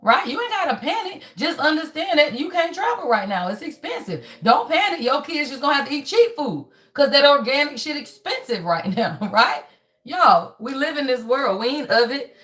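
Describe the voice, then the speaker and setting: Her voice is high and her speed normal as she runs a spiritual reading channel's live stream. Casual yet emphatic, she preaches bluntly and profanely, peppering everything with "y'all" for her audience.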